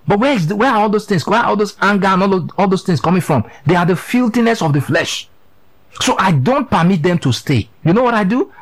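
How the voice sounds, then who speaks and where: A man's voice: sits high, husky, rough recording. A man preaching a sermon, emphatic and repetitive, often asking listeners if they understand.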